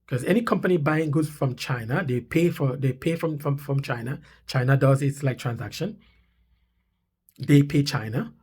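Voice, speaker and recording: A Canadian man hosts a commentary channel, reacting to news clips with insistence and hammering his points home with growing emphasis. His voice sits mid-range with a darkish, breathy tone, and he talks at a normal speed.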